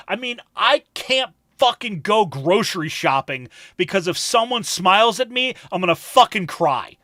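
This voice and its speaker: Animated, bright-voiced male streamer ranting. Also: sits high, moderate pace, hardly any pauses, no echo, studio quality. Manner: emphatic, profane ranting, yells at times; reads chat messages aloud. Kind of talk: casual live-stream chat.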